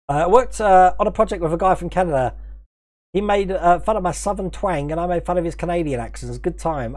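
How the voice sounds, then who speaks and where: A man's voice: a little high, a little mellow. A British man hosting a casual livestream, rambling, chuckling often and thanking viewers by name. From United Kingdom. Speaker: livestream host.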